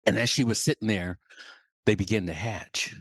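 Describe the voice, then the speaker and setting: A man's voice: on the low side, normal speed, fairly bright tone, husky, no room sound, studio quality. A man, a leadership coach, telling a dramatic story on a podcast.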